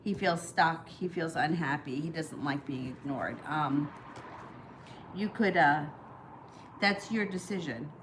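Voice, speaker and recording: A woman's voice: low voice, slow, noisy background. A woman giving live-streamed tarot readings, talking in a chatty, reassuring way with plenty of ums and you-knows. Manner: chatty, reassuring advice with many fillers. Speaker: tarot reader.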